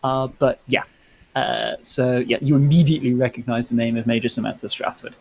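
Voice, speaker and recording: Male game master, mid-pitched, halting descriptive narration. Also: fairly even intonation, vocal fry, a little hiss or hum, rough recording.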